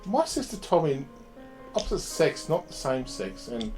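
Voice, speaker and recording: A man's voice: on the high side, very animated, moderate pace, music in the background. A man playing a tabletop game, chatting in a goofy, rambling way. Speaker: player. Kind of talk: casual tabletop game chat.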